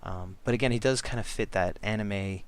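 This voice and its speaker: A man with a lowish, smooth voice vlogs about making comics while he draws, talking briskly. The chat is casual and rambling, full of fillers and restarts.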